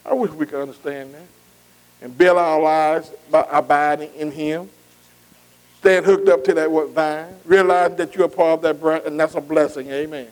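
A man's voice: fairly high pitch, fairly even intonation, moderate pace, low-quality recording. A man preaching a sermon, repeating phrases and calling out to the congregation. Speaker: pastor.

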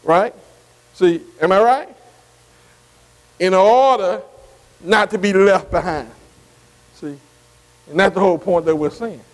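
Male Bible teacher, high voice, long echo behind him; drops "see" between phrases, spells out Greek words, keeps checking in with the class. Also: takes it slowly, long pauses. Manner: keeps asking the class to follow along.

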